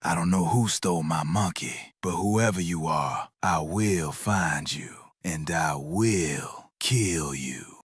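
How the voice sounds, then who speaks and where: A vengeful, menacing man, in a synthetic voice dub, very deep and slow with a husky yet bright edge. The sound is dry and close. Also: no room sound, heavily acted. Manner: shouting, then a menacing hush. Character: furious vengeful man hunting a thief.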